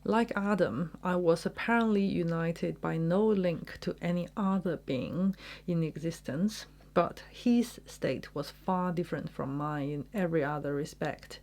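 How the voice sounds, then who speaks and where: A woman voicing a lonely, sorrowful man-made male creature in a slow, mournful reading. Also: on the low side, a little mellow.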